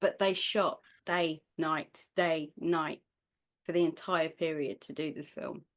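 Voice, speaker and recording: A woman's voice: low-pitched, fairly even intonation, takes it slowly, fairly bright tone. A woman co-hosting a podcast in a casual chat, making dry joking asides. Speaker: podcast co-host.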